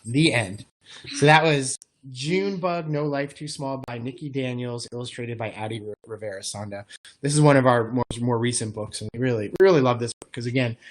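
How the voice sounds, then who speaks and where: A woman reading a picture book aloud to a small child, coaxing the child with questions, then chatting casually about the book. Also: a bass voice. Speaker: sanctuary staff reading storybooks to a child.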